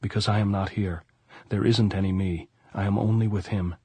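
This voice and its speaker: A man's voice: lowish voice, fairly even intonation, moderate pace, dark tone, husky, dry recording. A man reading a frightened young woman's desperate inner prayer in an audiobook, pleading and breathless.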